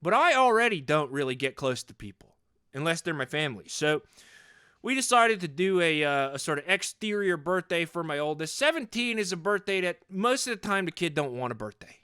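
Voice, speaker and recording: A man's voice: fairly high pitch, very animated, brisk, sharp tone, clean tone, dry recording, clean studio sound. A man in his forties playing a hot-headed, overcompetitive sports dad in an improvised comedy podcast monologue, rambling and boastful and repeating himself. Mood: worked up. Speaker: podcast host in character.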